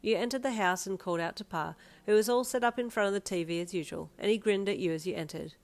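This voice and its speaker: A woman narrating a second-person fanfiction story, with lively, expressive reading. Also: medium pitch, quick pace, faint music behind.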